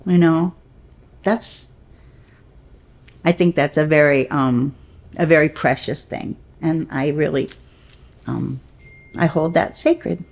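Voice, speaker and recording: A woman with a gravelly, creaky voice speaks very slowly in an interview. She recalls a moment from her performing work in a reflective, hesitant way. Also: low-pitched, darkish tone. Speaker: troupe performer. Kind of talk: interview recollection.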